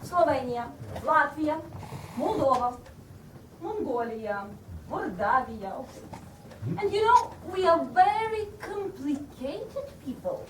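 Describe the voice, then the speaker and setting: A woman with an Eastern European accent plays a bossy, lively Eastern European woman who scolds and lectures with mock indignation in a live stage comedy. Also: high voice, takes it slowly, heavily acted. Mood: indignant. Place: theatre stage. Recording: distant, echoey live stage recording with background noise.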